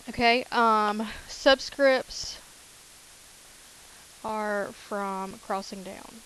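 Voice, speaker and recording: A woman's voice: medium pitch, fairly even intonation, a little slow, a bit bright, slight background noise, poor audio. A woman teacher talking through chemistry notes in a casual way, repeating key terms with many fillers. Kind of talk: recorded lecture over notes.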